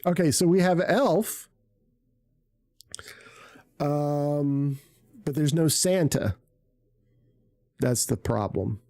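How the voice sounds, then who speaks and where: Man streamer, casual rambling chat, profane, mellow tone, unhurried, dry close mic. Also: fairly high pitch, no room sound. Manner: rambling, profane, self-mocking. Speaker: live streamer. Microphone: desk microphone on arm.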